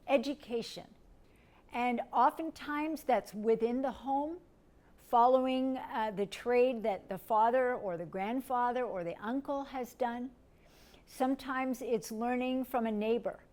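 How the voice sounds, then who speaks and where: A middle-aged American woman, her voice sitting high, gives a recorded lecture. She teaches gently and step by step, asking her listeners questions as she goes.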